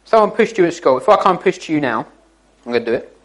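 A man's voice: fairly high pitch, sing-song, fast talker, fairly bright tone, poor audio. A man giving an informal, jokey church talk to young people, teasing his listeners as he goes. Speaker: youth speaker.

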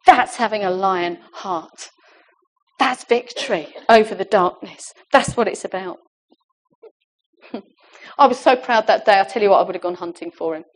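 A woman's voice: mid-range voice, moderate pace, pauses often. A woman preaching a sermon in an earnest, emphatic way, with laughs and asides.

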